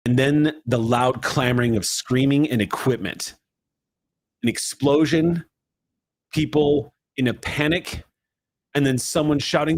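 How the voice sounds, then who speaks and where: A man runs a tabletop role-play, narrating dramatically in the second person. His voice is husky and mid-pitched. He speeds through some lines and stretches others out slowly. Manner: shifting pace, swift then drawn out. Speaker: game master.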